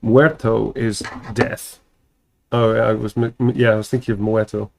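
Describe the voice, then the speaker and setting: Playful, mellow-voiced man on a livestream. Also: fairly low pitch, level tone, measured pace, gravelly, slight background noise. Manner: playful, giggly, swears freely. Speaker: actor signing autographs on a livestream. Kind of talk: casual livestream chat.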